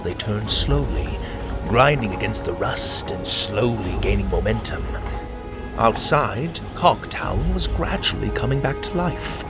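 A man narrating a children's adventure story in an expressive storytelling manner. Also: medium pitch.

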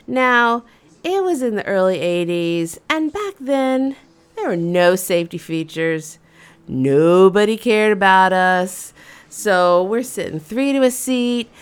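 A woman in her fifties hosting a show, telling a comic personal story in an animated, dramatic, conversational way. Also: mid-range voice, smooth. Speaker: storyteller host.

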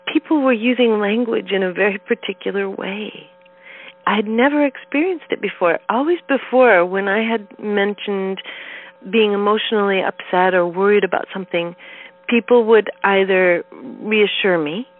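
A woman neuroscience educator, a guest in an interview, telling her story with animation and acting out quoted voices. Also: mid-range voice. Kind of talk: conversational interview. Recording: tinny phone line.

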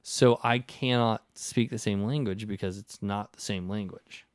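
Podcast host, male, lowish voice, rambling casual storyteller, dry close sound. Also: measured pace, no echo. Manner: rambling, animated storytelling with many restarts. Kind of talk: casual conversation.

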